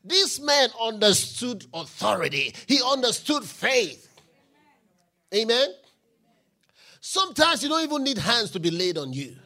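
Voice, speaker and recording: A man preaching a sermon, reading scripture aloud and building to shouted declarations. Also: extremely high pitch, big pitch swings, unhurried, long pauses. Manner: Bible reading with call-and-response, rising to shouted declarations.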